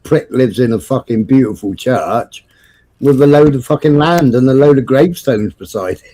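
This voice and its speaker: A man's voice: medium pitch, animated, normal speed, warm tone. A man hosting a casual chat, ranting profanely and repeating himself. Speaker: host.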